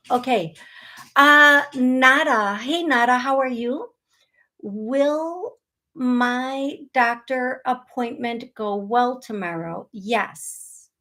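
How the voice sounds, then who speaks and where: A woman's voice: fairly high pitch, fairly bright tone. Chatty, blunt woman hosting a show. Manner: chatty, blunt, laughs at her own jokes. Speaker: psychic medium host. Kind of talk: live call-in show chat.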